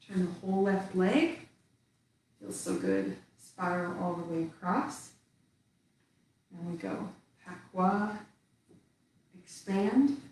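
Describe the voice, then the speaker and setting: Calm lady tai chi teacher, slow cues, really echoey room, kinda far from the mic. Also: medium pitch. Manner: calm, slow cues spoken while moving. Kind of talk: calling out tai chi moves while demonstrating. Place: indoor room with little space.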